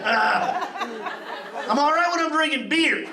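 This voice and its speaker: Brash, high-voiced comedian. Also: male voice, lively intonation, noisy background. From Boston, USA. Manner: rapid, brash and profane, working the crowd. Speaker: stand-up comedian. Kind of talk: stand-up comedy set. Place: comedy club. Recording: roomy club sound from a distance.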